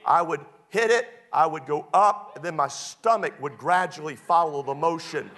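A middle-aged male pastor preaching a sermon, animated and emphatic at times, folksy and humorous when he tells stories. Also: a little high, moderate pace.

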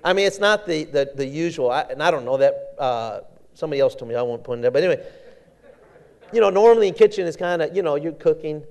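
A man's voice: fairly high pitch, lively intonation, fast talker, creaky, a little mellow. A man preaching a sermon in a folksy, conversational storytelling way, often repeating words and restarting.

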